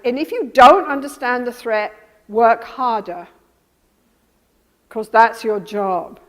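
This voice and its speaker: A woman presenting to a workshop audience, speaking in an animated, emphatic way and acting out her examples. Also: a little high, slow pace, long pauses. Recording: long reverb of a lecture hall.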